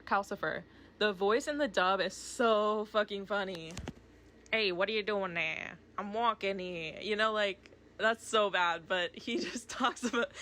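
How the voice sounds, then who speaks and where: A woman's voice: medium pitch, fairly bright tone, a little hiss or hum. A young woman rambling casually about a film at her desk while drawing, gushing and chatty, with lots of fillers. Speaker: art vlogger. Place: home desk with her cat. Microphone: desk microphone.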